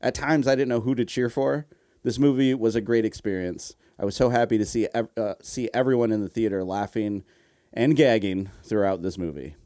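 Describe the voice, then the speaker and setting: A man's voice: on the low side, brisk, mellow. A man co-hosting a movie podcast, chatting casually and eagerly urging friends to see films. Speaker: podcast co-host. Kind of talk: casual movie recommendation chat.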